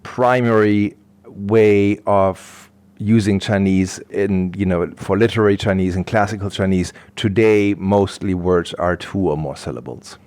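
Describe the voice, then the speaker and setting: Low-voiced middle-aged man explaining patiently. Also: steady tone, measured pace, a little mellow, smooth. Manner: patient, explanatory, thinks aloud. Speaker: guest expert. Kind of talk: podcast interview, explaining.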